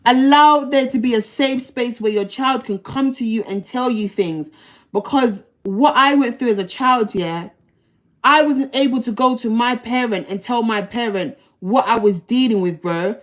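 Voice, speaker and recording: A woman, hosting a livestream and speaking in a fairly high voice. Her delivery is blunt and slangy, full of swearing, and she repeats phrases as she tells her story. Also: normal speed. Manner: blunt, slangy and profane, with many repetitions. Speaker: livestream host.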